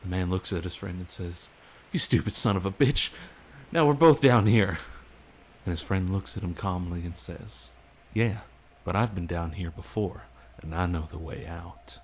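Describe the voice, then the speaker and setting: A man voicing a steady, gruff man who calms a friend by telling him a story. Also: low voice, moderate pace. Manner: firm then gently storytelling.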